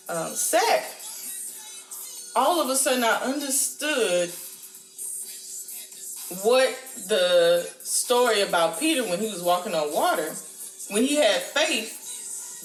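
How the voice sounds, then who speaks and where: A woman vlogger telling a spiritual dream story to camera in a casual, animated way, with casual slang. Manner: animated, acts out her panic in a high squeaky voice; casual slang, says "y'all". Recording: roomy echo with faint music behind.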